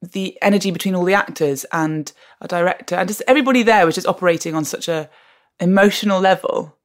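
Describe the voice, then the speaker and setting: A woman guest on a podcast interview, telling stories in an animated, expressive way and laughing often. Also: lowish voice, fast. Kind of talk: conversational interview.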